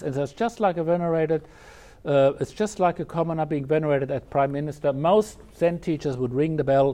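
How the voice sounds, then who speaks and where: A man's voice: a little high, normal speed, warm tone. A man, a Zen teacher giving a conversational dharma talk on a koan, with frequent restarts and fillers.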